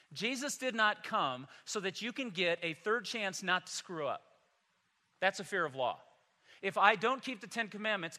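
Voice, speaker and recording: A man's voice: sits high, bright, forceful tone, long reverb tail. A man pastor delivering a Christmas Sunday sermon in a church, emphatic and telling humorous stories. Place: church sanctuary.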